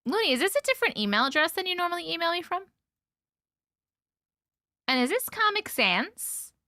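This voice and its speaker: A woman's voice: very high voice, big pitch swings, moderate pace, pushed and bright, dry recording, clean studio sound. A woman hosting a livestream, chatting casually, laughing often and swearing now and then while she reads viewer stories aloud. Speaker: host reading viewer stories. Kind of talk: casual livestream chat and story reading.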